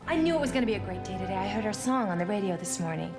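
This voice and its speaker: An actress playing a bubbly, affectionate wife in a comedy film scene, with a loud music score. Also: female voice, medium pitch, lively intonation, very fast, natural voice. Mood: doting. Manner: bubbly, doting. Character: cheerful, affectionate adult wife.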